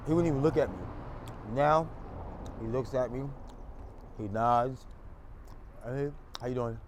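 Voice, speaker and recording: An older man chatting loudly and rambling through jokes and stories outdoors on a city street. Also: mid-range voice, animated, moderate pace. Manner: loud, joking, rambling storyteller. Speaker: local street personality. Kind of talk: casual chat while walking the street. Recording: outdoor street noise, traffic.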